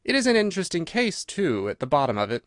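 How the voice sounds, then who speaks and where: A man voicing a sharp, assured detective who explains his reasoning in clipped, crisp sentences. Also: a little high, huge pitch swings, quick pace, no echo, clean studio sound, voice pushed up. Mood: explaining. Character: sharp, cool male detective, brisk and assured.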